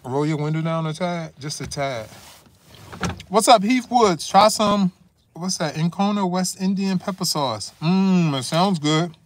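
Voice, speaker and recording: High-voiced chatty man. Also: a little slow. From Newark, New Jersey. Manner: chatty, talks straight to viewers, talks while chewing. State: slightly sniffly. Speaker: vlogger. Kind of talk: casual food vlog. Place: outdoors in a windy parking lot. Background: faint wind noise.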